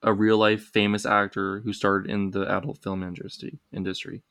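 A man's voice: fairly low pitch, little pitch movement, moderate pace, creaky, fairly bright tone, no room sound, clean studio sound. A young man hosting a casual podcast, recapping film scenes in long narrating stretches.

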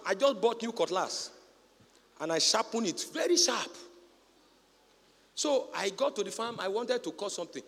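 A Nigerian man preaching a sermon as a pastor, often shouting in a sing-song preaching cadence. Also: sits high, gravelly, in a large hall.

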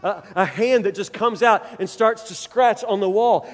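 A male preacher with a fairly high voice tells a story from the pulpit, animated and dramatic. He builds tension by repeating his phrases. His voice carries a long reverb from a large hall. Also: normal speed. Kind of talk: sermon storytelling.

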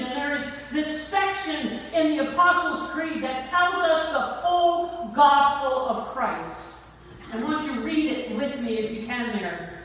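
A woman pastor preaching a sermon, slow and emphatic, drawing out the ends of her lines. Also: high voice, a bit bright, slight background noise. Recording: echoey church hall from far off.

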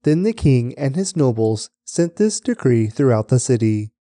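Male scripture reader, very dark and mellow tone, measured delivery, dry close mic. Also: medium pitch, very animated, no echo. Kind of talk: steady scripture reading.

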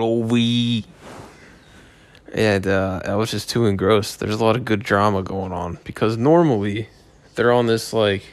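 A man hosting his own podcast, rambling casually with profane, joking asides. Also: fairly low pitch. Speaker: podcast host. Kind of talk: casual solo podcast chat.

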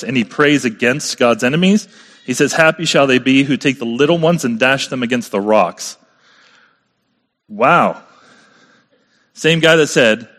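A man delivers a sermon in a relaxed, conversational style, often asking the listeners questions. His mid-range voice carries a long reverb, as if from a large sanctuary. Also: mid-range voice. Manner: conversational preaching with rhetorical questions. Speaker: pastor.

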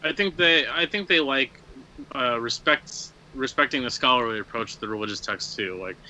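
Bright-voiced man in rambling casual chat. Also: medium pitch, moderate pace. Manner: rambling, many fillers and restarts. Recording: dull lo-fi sound.

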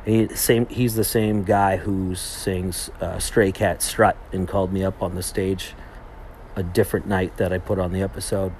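A man's voice: sits low, level tone, normal speed, a little mellow, a little hiss or hum. A young man hosting a podcast, telling a trip story in a rambling casual way, full of fillers and restarts. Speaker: podcast host. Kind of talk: casual monologue, retelling a trip.

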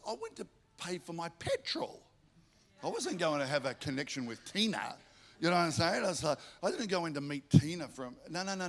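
Pastor with stacked rhetorical questions. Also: male voice, a little high. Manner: repeats rhetorical questions, lively storytelling. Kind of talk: sermon.

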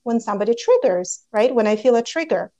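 A woman's voice: a little high, expressive, a little fast, warm tone, lo-fi sound. A woman whose first language is Russian, co-hosting a casual podcast chat, earnest and acting out quoted voices as she talks. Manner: earnest, acts out quoted voices, frequent fillers. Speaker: podcast co-host. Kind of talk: casual conversation.

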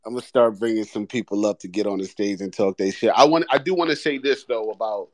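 A man's voice: on the low side, no echo. Easygoing man hosting a live show. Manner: easygoing, teasing, halting restarts. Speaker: podcast host.

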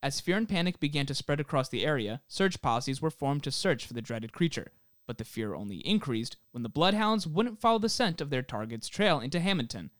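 A young podcast co-host, self-isolating at home, reads a researched story from notes in a high-ish, very animated voice at a brisk pace. The studio-clean sound has no room echo, and he interrupts the steady reading with jokey, laughing asides.

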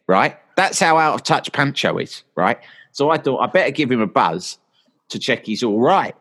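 A man's voice: medium pitch, moderate pace. Man telling rambling anecdotes. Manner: animated anecdotes, voices friends in quotes. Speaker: podcast guest. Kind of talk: casual storytelling.

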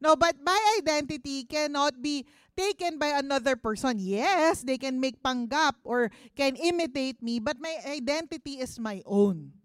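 Filipino woman pastor, high voice, dry close mic, conversational sermon that mixes in Tagalog. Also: normal speed, no room sound. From Philippines. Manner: conversational, mixes Tagalog into English, asks the congregation questions. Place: church service.

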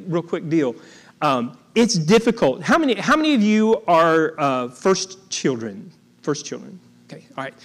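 A man preaching a storytelling sermon as a guest preacher, stumbling over and repeating his words and joking with the congregation. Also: on the high side.

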